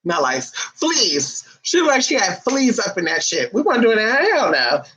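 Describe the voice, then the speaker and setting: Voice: mid-range voice, huge pitch swings, moderate pace, sharp tone, husky. A vlogger ranting to camera in a sassy, profane, emphatic way, calling listeners honey and baby. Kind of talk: casual ranting monologue to camera. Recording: dull lo-fi recording.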